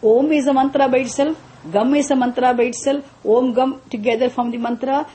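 A woman teaching a class on Sanskrit mantras. She explains patiently, often repeats and restarts her phrases, and chants some lines slowly. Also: high voice, fairly even intonation, warm tone.

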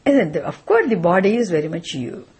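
A woman's voice: on the low side, very animated, brisk, a little mellow, husky. A woman teaching a scripture class, asking questions and answering them herself, repeating the key phrases. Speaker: Vedanta teacher.

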